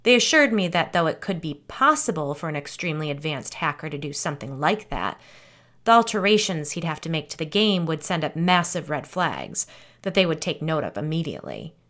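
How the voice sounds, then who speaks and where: Woman narrator doing a stern skeptical father, curt and forceful, kept in her own low voice. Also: very animated, brisk. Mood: insistent. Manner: curt and insistent.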